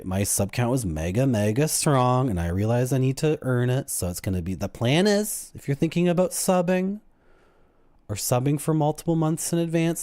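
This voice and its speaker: Animated man streaming games. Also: mid-range voice, no echo. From Canada. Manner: jokey, rambling, puts on silly voices. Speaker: game streamer. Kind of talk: casual livestream chat.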